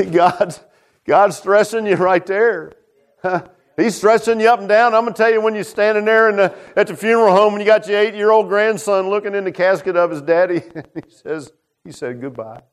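A middle-aged man preaching a folksy testimony sermon, repeating "man" and "huh?", swinging between loud preaching and hushed low tones. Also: normal speed. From Virginia.

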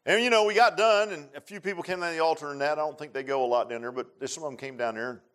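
A man's voice: a little high, fast. Folksy preacher man, emphatic. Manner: folksy, repetitive, rising to loud emphatic bursts. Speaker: pastor. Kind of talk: sermon.

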